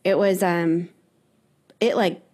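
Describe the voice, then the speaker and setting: A woman's voice: fairly low pitch, steady tone, slow pace, darkish tone. Earnest, hesitant woman guest. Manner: earnest, hesitant, many ums and restarts. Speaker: guest, runner. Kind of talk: casual conversation.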